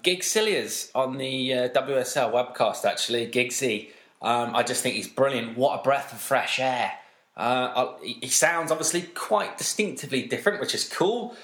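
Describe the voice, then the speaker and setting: A man's voice: mid-range voice, lively intonation, moderate pace, fairly bright tone, echoey room. A man co-hosting a podcast, chatting casually and mimicking voices as he tells stories. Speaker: podcast co-host. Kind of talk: casual chat.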